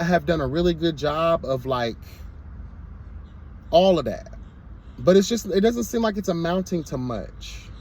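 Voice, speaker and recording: Sassy high-voiced man ranting to camera. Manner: sassy, emphatic, repeats "girl" and "hello, God". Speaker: commentary vlogger. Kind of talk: candid to-camera rant.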